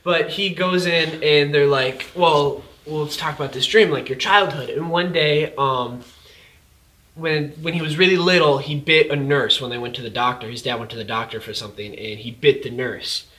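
A young student in casual chat, rambling and stopping himself mid-sentence. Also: male voice, medium pitch, fairly even intonation, normal speed, pushed and bright. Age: young adult. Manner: rambling, self-interrupting storyteller.

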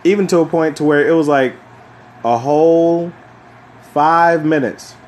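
A young man hosting a casual solo chat, rambling and swearing, with lots of fillers and animated bursts when he rants. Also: fairly high pitch, measured pace. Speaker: podcast host.

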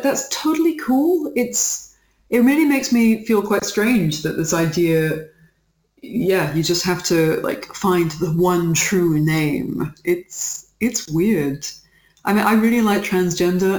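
A guest talking casually in an interview, chatty and animated, often saying "like". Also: mid-range voice, roomy sound. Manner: chatty and animated, with frequent "like" fillers and laughter.

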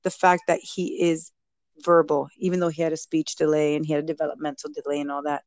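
A woman guest and mother telling a personal story in a casual interview, animated and acting out what people said. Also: deep voice, fast, no echo. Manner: animated, acts out quoted speech.

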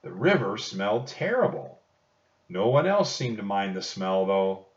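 Slow, lively male storybook narrator. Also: on the low side. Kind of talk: audiobook narration of a children's story. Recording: dull distant recording.

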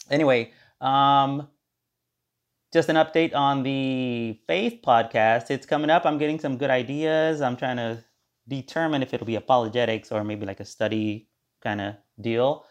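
A man hosting his own podcast, talking in a rambling, sarcastic monologue and slipping into mock-cheerful voices of others. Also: medium pitch. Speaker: podcast host. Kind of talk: casual monologue.

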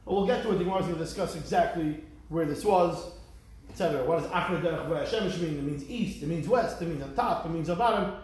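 A man's voice: fairly high pitch, quick pace, a little mellow, very echoey, low-quality recording. A man, a rabbi, teaching a Talmud class, explaining the texts and chanting Hebrew verses with a rising lilt, with jokey asides to the students.

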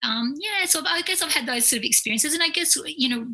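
A woman, a clinical psychologist, telling stories in a casual, animated way, full of fillers and quoted asides. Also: high voice, a little fast, rough recording. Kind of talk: casual storytelling in conversation.

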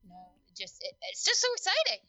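A woman's voice: high-pitched, wildly swooping pitch, fast talker, pushed and bright, faint music behind. A woman chatting with a friend, enthusiastic and giggly, gushing over good news. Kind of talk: casual chat between friends.

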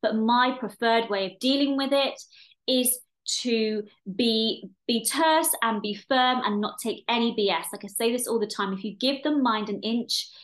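A woman's voice: on the high side, unhurried. A woman in her forties hosting a solo podcast, talking frankly and animatedly, swearing freely and often restarting her sentences. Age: 40s. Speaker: podcast host and coach. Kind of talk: casual solo podcast talk.

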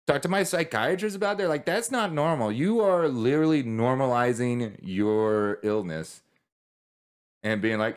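A man's voice: mid-range voice, expressive, moderate pace. A man who is a military veteran, talking candidly in a casual podcast conversation, rambling with many restarts and swearing.

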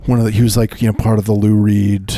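Deep, dark-voiced laid-back man. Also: flat delivery, fast talker, no room sound. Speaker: podcast co-host. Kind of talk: casual chat.

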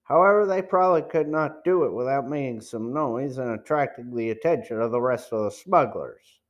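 A man's voice: mid-range voice, normal speed, highs cut off. A man reading a novel aloud as an amateur audiobook narrator, careful with small stumbles. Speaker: audiobook reader.

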